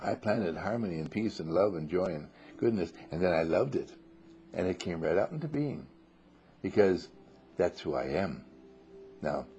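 This spiritual teacher speaks to a small group in a husky, gravelly voice that sits on the low side and sounds a little mellow. He playfully tells stories and acts out little voices, captured with lo-fi sound.

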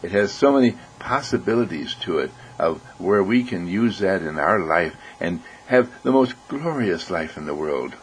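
Low gravelly guy telling soft little stories, gentle way of talking. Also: animated, normal speed, hardly any pauses, a little hiss or hum, low-quality recording. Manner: gentle, storytelling with acted voices. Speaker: speaker. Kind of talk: reflective talk.

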